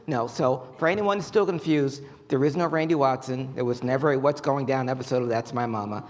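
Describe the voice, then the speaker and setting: A man's voice: mid-range voice, fairly quick, few pauses. Man hosting a live variety show. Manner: joking, introduces guest with hype. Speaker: show host. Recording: long hall reverb, faint noise.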